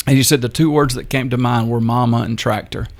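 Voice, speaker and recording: Older man, gravelly and flat. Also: mid-range voice. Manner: halting, unhurried storyteller with many pauses. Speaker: radio show guest. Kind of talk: interview storytelling.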